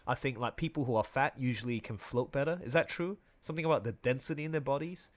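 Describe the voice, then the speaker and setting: Laughing, animated man telling a story. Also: mid-range voice. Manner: animated, laughs often, quick restarts. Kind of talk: casual conversational storytelling.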